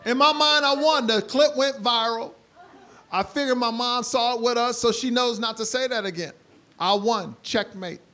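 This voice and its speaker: A man in his forties doing stand-up on stage in front of a live crowd, with a bright, fairly high voice. He tells stories animatedly and breaks into loud, shouted impressions. Faint room noise sits behind him. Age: 40s. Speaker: stand-up comedian. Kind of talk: stand-up comedy. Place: comedy stage before a live audience.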